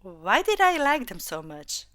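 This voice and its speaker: Brief: soft, earnest dragon robot girl read by a woman, storybook voice, bright and slow. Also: a little high, big pitch swings, no room sound, studio quality, heavily acted. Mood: hurt. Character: young female dragon robot, gentle and hopeful. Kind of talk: storybook reading.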